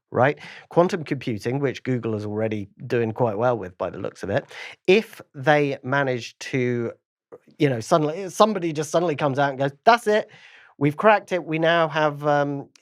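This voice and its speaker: A man, a crypto trader, talking as a guest on an interview podcast in a chatty, animated way with many restarts and asides. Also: mid-range voice, normal speed, no room sound, studio quality. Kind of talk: casual interview chat.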